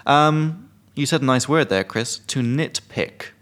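A man's voice: medium pitch, expressive, unhurried, a bit bright. A man co-hosting a podcast as an English teacher, explaining slang casually with examples and swearing. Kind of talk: casual chat.

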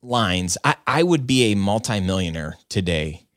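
Low-voiced man, rambling casual storytelling. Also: expressive, normal speed, no echo, studio quality. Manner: rambling, filler-heavy with frequent "like" and "um"; earnest and self-reflective. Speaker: video business owner and podcaster.

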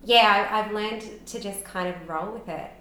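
Her voice pushed and bright at a medium pitch and normal speed, a podcast guest in her thirties talks openly and emotionally, peppering her storytelling with "like." Faint background noise and a roomy echo fill the recording.

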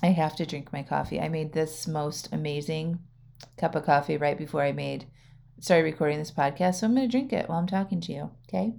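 Chatty woman podcaster, lowish voice. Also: brisk, vocal fry, a little mellow. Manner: chatty, says "right?" and "like" a lot, laughs often. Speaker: podcast host and wellness coach. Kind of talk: casual solo podcast talk.

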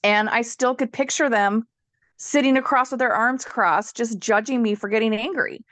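A woman guest on a podcast, a healer, telling her own story in a candid, animated way, laughing often and swearing freely. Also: a little high, moderate pace, no room sound. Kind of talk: casual storytelling in a conversation.

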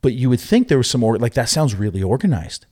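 A man's voice: mid-range voice, fast talker. A man talking as a podcast guest, telling stories casually with many restarts and acted-out quotes. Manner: animated, acts out quotes, rambling with restarts. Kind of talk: casual storytelling.

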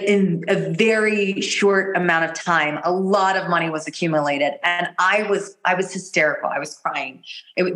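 A woman energy healer, a guest on a podcast, tells a personal story in casual conversation, animated and laughing often as she slips into the voices of people she quotes. Her voice sits low, and the recording quality is poor.

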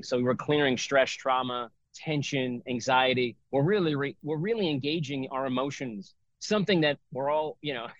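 A middle-aged man in a casual interview, explaining his breathwork and yoga teaching in a loose, rambling way with lots of fillers and restarts. His voice sits at an ordinary pitch. The recording is dry and slightly dull. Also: no room sound.

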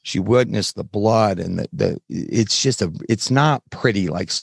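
Frank male podcast guest, low voice, dry close sound, blunt storyteller. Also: vocal fry, husky, dry recording. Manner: frank, plain-spoken, occasional swearing; halting, many fillers and restarts while recounting. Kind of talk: candid interview storytelling.

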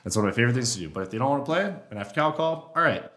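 A man guesting on a podcast, chatting casually and telling hunting stories with lively, animated delivery. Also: very fast. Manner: animated storyteller who acts out elk talk in a high voice. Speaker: guest elk hunter and caller.

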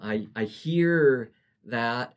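A man co-hosting a podcast, chatting and reading his own rhyming poem, halting and repeating words as he talks. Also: mid-range voice. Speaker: podcast co-host. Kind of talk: casual chat and poetry reading.

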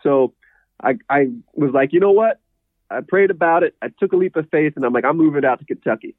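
A man's voice: a little high, quick pace, dry recording. A man being interviewed, telling his story in a rambling, casual way and laughing often. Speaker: guest, horse trainer. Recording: tinny phone-like line.

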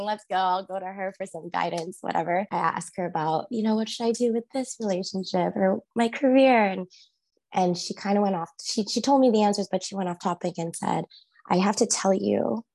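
Animated woman telling a personal story. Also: medium pitch, vocal fry. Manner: animated, laughs often, acts out her own past lines; lots of "like" fillers. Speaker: guest sharing a personal story. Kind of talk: casual storytelling.

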